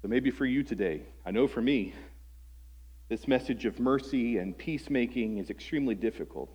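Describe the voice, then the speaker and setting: A man's voice: mid-range voice, normal speed, husky, highs cut off. A man preaching a sermon as pastor, earnest and conversational, asking his listeners questions. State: voice breaking with emotion at times.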